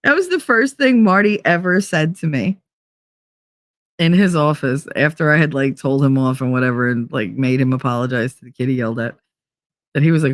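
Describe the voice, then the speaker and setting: A woman's voice: low-pitched, normal speed, dry recording. Blunt, crude woman streamer, dry sound. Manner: reads chat aloud and tells stories; laughs often. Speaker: live-stream host. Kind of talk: casual live-stream chat.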